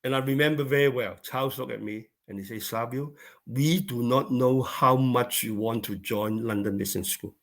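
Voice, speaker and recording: A man's voice: medium pitch, normal speed. A middle-aged man, originally from China, telling a personal story as an interview guest, with many fillers and repeated words. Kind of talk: storytelling in conversation.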